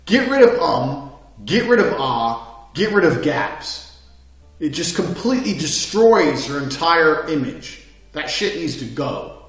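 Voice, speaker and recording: Forceful male lecturer, somewhat high voice, cursing and blunt; recorded far from the mic in a very echoey room. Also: big pitch swings, takes it slowly. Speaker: instructor. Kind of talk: lecture course.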